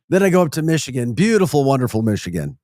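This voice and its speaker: A man's voice: mid-range voice, dark tone, no room sound, studio quality. A man hosting a casual morning radio show with a St. Louis accent, chatty and laughing at his own stories. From St. Louis area, Midwest.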